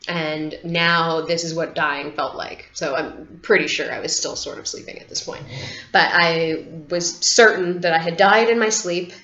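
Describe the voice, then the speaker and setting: A woman tells a personal story to camera in a candid, rambling way, full of "like" and casual swearing. Her voice sits on the lower side. The recording sounds roomy and a little dull and lo-fi. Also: steady tone, measured pace, pushed and bright. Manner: candid, rambling, many "like" fillers, swears freely. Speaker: vlogger.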